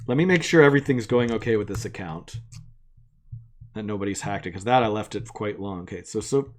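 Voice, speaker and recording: A man's voice: fairly low pitch, lively intonation, a little fast. A man hosting a live coding stream, casually thinking aloud and narrating each step as he works from an attic room.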